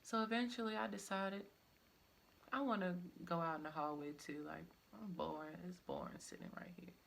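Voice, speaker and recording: A woman's voice: on the low side, sing-song, moderate pace, vocal fry, fairly bright tone, slight background noise. A young woman telling a personal story in a loose, rambling way, with plenty of "like" asides. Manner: casual, rambling, full of "like" and "I'm like" asides.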